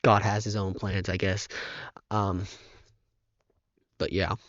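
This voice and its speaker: A teenage boy talking haltingly in a casual vlog, close to tears, with many fillers and restarts, on a dull, muffled microphone. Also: low-pitched, flat delivery, a bit bright, no echo. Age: teens. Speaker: vlogger.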